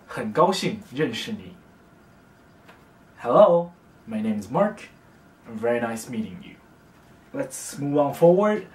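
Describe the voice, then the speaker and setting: A young man teaching a casual beginner language lesson, speaking slowly and patiently and repeating phrases for the learner. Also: medium pitch, distant mic, slight background noise. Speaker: language tutor. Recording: echoey room, voice from off the mic.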